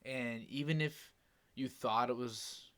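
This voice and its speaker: A young man hosting a casual podcast chat, talking quickly and rambling with a mumble. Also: mid-range voice, a bit bright. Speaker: podcast host.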